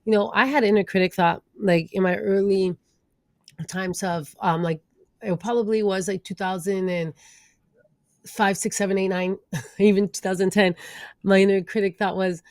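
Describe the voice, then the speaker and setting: A woman guest on a podcast who speaks with an accent, expressive and lively, acting out the voices in her head. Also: mid-range voice, normal speed, dry recording. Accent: non-native accent. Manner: expressive, acts out inner voices. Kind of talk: casual podcast conversation.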